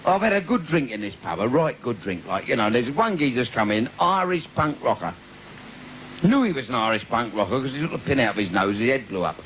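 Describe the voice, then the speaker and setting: A man's voice: mid-range voice, very animated, brisk, a bit bright. A man with a London accent doing a bawdy stand-up routine in a live theatre, bantering cheekily with the crowd and laughing at his own jokes. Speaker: stand-up comedian. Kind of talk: live comedy club routine. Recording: noisy 1980s live video.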